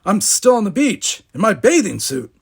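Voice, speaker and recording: A man voicing Geordi, an earnest, anxious young male cadet, his voice lifted high and loud for the urgent lines. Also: a little fast, slightly rough, full character voice. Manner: raising pitch and volume for excited lines.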